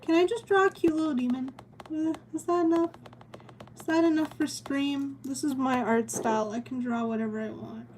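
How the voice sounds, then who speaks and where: A woman's voice: high voice, moderate pace, darkish tone, slight background noise. A young woman streaming as she draws, chatting casually with a giggly, rambling manner. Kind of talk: casual chat while drawing on stream.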